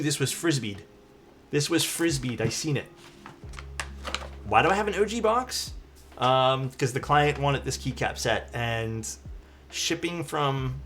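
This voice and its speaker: A man's voice: medium pitch, a bit bright, a little hiss or hum. A man casually chatting with his stream chat while building a keyboard. He answers questions as they come, often trails off and restarts, and sometimes drifts away from the desk mic.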